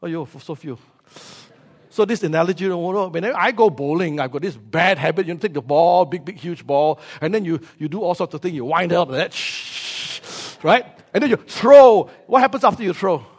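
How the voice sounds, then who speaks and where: A male preacher, his voice sitting notably high for a man. He delivers the sermon in an animated, joking way, acting out everyday scenes with sound effects. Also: a little fast.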